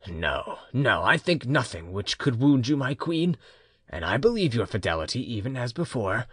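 A man voicing a returned peasant husband, speaking low, soft and intimate. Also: big pitch swings, normal speed, breathy edge, no echo. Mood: tender. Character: returned peasant husband, tender yet commanding.

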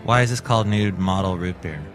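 A man's voice: deep voice, fairly quick, fairly bright tone, faint music behind. A man hosting a comedic solo podcast who talks in a playful, rambling, chatty way. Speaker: podcast host.

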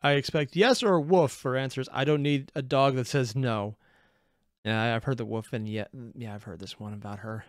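A man reacting to a video in casual commentary, rambling and giggly, over-caffeinated and jumping into high squeaks. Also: fairly even intonation, normal speed, no room sound, clean studio sound. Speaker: reaction streamer.

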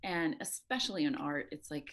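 A woman's voice: deep voice, normal speed, fairly bright tone. A young adult woman, an actor, talking casually as an interview guest, chatty and self-deprecating, laughing often. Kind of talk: casual conversation.

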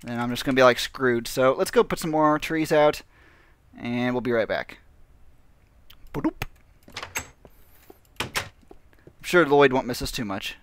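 A man's voice: mid-range voice, moderate pace, slight background noise. A man giving casual, rambling gameplay commentary, mocking himself and laughing often. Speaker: gaming channel host.

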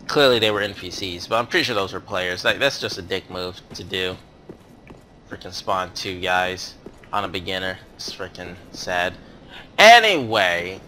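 Lively bright-voiced man narrating gameplay. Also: medium pitch, slight background noise. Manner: rambling, self-correcting, chatty. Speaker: let's play host. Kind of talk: casual gameplay commentary.

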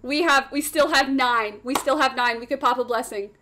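A young woman streaming a game, squealing with excitement and repeating phrases over and over. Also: high voice, normal speed, a little hiss or hum. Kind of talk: excited live-stream commentary. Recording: slightly off-sounding stream audio.

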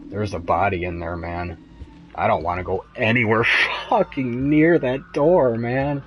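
Young male gamer, slow nervous delivery, profane and jumpy; faint music under him. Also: on the low side, muffled recording. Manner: profane, jumpy, muttering and yelping with fear. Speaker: gamer streaming a horror game. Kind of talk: frightened live gameplay commentary.

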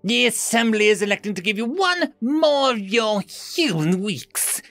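A man's voice: high voice, very animated, unhurried, vocal fry, a bit bright, no echo, faint music behind, voice pushed up, full character voice. A man voicing a snarling, threatening male alien military commander.

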